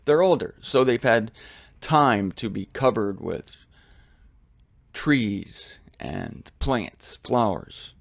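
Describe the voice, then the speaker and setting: An American man giving a casual, animated Bible study with humorous asides. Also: mid-range voice, extremely slow, creaky, dry recording, clean studio sound. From United States. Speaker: Bible teacher. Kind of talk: conversational Bible study teaching. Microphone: studio mic with headphones.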